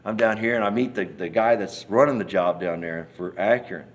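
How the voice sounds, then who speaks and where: A man's voice: fairly low pitch, brisk. Man telling a folksy testimony. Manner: animated storyteller, acts out scenes and hollers quoted cries; folksy, rambling speech with many restarts. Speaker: church member giving testimony. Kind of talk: personal testimony told in an interview.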